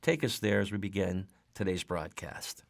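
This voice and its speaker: Brief: male radio host, low gravelly voice, measured interviewer, dry close sound. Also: no echo. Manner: measured, prompting questions.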